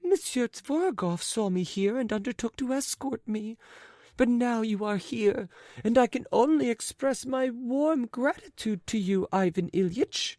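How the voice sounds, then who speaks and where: A woman's voice: fairly high pitch, expressive, a little slow, warm tone, no room sound, clean studio sound. A woman voicing a flighty, chattering society lady in an audiobook. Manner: twittering, affected. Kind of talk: audiobook character reading.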